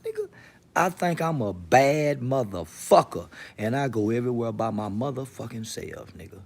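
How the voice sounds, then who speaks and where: A man's voice: medium pitch, animated, moderate pace, creaky, a little mellow. A man from Texas with a Southern accent, hosting his podcast alone in a profane, swaggering, mocking rant. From Texas, USA. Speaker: podcast host. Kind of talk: solo monologue to camera.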